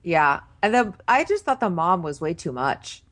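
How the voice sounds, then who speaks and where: A woman's voice: lowish voice, sing-song, normal speed, fairly bright tone. A woman co-hosting a casual comedy chat, teasing in a wry, dry way. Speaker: podcast co-host.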